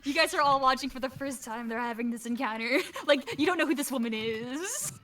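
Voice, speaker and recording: A woman narrating a tabletop game as game master in lively, animated speech, from a distant mic. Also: high voice, brisk, faint music behind.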